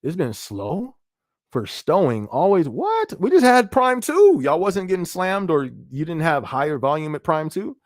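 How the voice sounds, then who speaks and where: A man's voice: fairly high pitch, huge pitch swings, a little slow, no room sound, studio quality. Laid-back man chatting on a live stream. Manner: laid-back, laughs often, frequent fillers like "you feel me". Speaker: livestream podcast host. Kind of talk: casual live-stream chat reading viewer comments.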